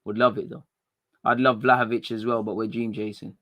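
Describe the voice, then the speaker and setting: A British man from England hosting a casual livestream, chatting in slang, reading viewer comments and talking with animated energy. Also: fairly low pitch, brisk. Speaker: livestream host.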